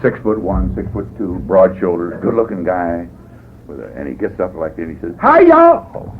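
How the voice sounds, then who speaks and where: A deep-voiced man from California speaks at a moderate pace at a recovery meeting held in a meeting hall. His storytelling is folksy and rambling, with frequent "boy" and "you know." The audio is faintly hissy, tinny 1980s tape that sounds phone-like.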